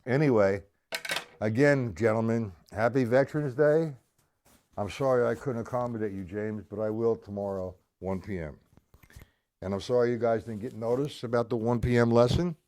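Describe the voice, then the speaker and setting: A man's voice: medium pitch, a little mellow, a little hiss or hum. A middle-aged man teaching drums on a live stream, apologetic and rambling, stopping often to restart his sentences. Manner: counts and explains stickings slowly. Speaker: drum teacher. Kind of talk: live-streamed drum lesson.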